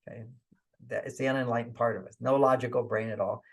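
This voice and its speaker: Gravelly-voiced man giving relationship advice. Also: medium pitch, steady tone, quick pace. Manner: chuckles often, repeats points and says 'okay'; acts out inner voices in quotes. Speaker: guest relationship author. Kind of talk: conversational advice in an interview.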